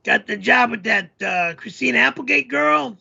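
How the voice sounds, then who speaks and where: A man telling a story on a livestream in a hoarse voice, rambling and hesitant with many fillers. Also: very high voice, lively intonation, moderate pace, pushed and bright, highs cut off. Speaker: show host.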